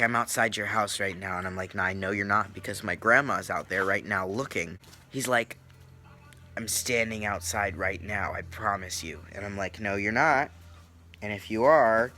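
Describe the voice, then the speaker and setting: A young man, a YouTuber, telling a story to his viewers and acting out the people in it. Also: on the low side. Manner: animated, acts out voices in retelling. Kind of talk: story time vlog.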